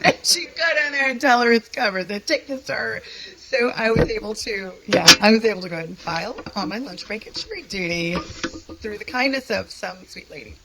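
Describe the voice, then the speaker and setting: A woman's voice: fairly high pitch, a little fast, vocal fry, a bit bright, a little hiss or hum, poor audio. A woman telling her own story of a hard time in an earnest, conversational, self-deprecating way. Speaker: guest sharing a personal testimony. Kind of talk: candid personal storytelling.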